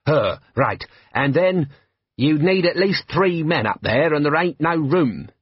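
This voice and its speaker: A jittery common guard, as a male narrator puts him on in a comic fantasy audiobook. He speaks in a hurry with a raised, anxious voice. Husky, dry sound. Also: on the high side, lively intonation, no room sound, muffled recording, pitched above the performer's own voice. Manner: hurried, anxious.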